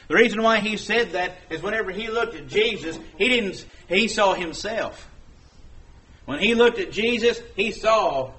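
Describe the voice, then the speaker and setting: A man's voice: sits high, moderate pace, pushed and bright. A man preaching a sermon in a folksy, conversational way, acting out the dialogue he quotes.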